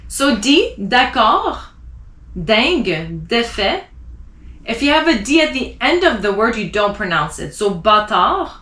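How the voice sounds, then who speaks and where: A woman teaching a language class who spells out letters and repeats example words slowly and deliberately. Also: on the high side, big pitch swings, a bit bright. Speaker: French teacher. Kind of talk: slow pronunciation lesson. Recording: echoey room.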